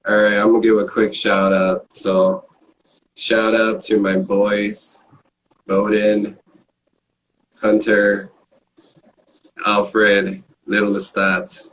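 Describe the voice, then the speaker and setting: A man from Los Angeles, a guest artist chatting casually with a laid-back, surfer-style voice, swearing often and filling pauses with um and like. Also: lowish voice, completely flat delivery, a bit bright, recorded from a distance, slight background noise, poor audio. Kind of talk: casual chat.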